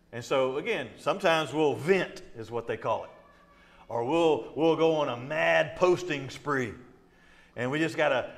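A man's voice: fairly high pitch, vocal fry. A middle-aged man, a pastor, teaching a casual Bible study with humor, often laughing and acting out quoted voices.

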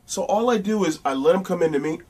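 Man, husky voice, animated blunt storyteller, a bit off-mic. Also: high voice, fast talker, distant mic. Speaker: interview guest. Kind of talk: casual anecdote telling.

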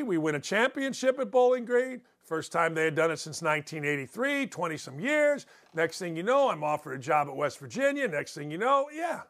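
A man's voice: high-pitched, a bit bright. A middle-aged man hosting a sports talk show, giving a blunt, opinionated commentary monologue and drifting into stories. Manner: blunt, opinionated, rambling storyteller.

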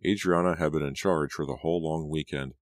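A male audiobook narrator with a very deep voice, telling a story in first person with a measured delivery. The reading sounds close and dry, with no room echo. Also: fairly even intonation.

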